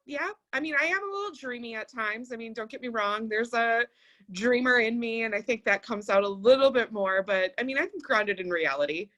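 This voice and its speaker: A woman's voice: a little high, a little fast, a bit bright. A woman co-hosting a podcast in casual chat, chatty and laughing often. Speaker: podcast co-host.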